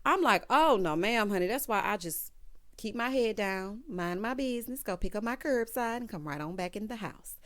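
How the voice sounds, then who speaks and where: A chatty woman recaps a TV episode. Her pitch swings widely as she acts out each character's lines, and she drops sassy asides to her viewers between scenes. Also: normal speed. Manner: chatty, quotes characters in lively retellings; sassy asides, calls viewers girl and honey. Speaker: TV recap host. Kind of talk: casual episode recap chat.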